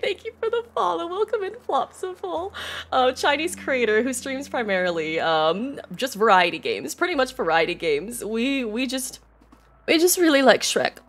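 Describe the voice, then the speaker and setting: Excitable streamer lady, kinda high voice, swings up and down a lot, laughy and sweary, game music faint behind. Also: moderate pace. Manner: bubbly, excitable, laughs often, swears casually, says y'all. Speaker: Twitch streamer. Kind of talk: casual live-stream chat while gaming.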